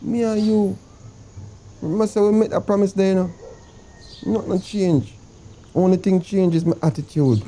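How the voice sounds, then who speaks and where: A man's voice: sits high, steady tone, mellow, a little hiss or hum. A man playing a pleading Jamaican boyfriend. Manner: pleading, drawn-out, dramatic. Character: pleading remorseful boyfriend begging to come home. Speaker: actor in comedy sketch. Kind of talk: comedy sketch acting, phone call.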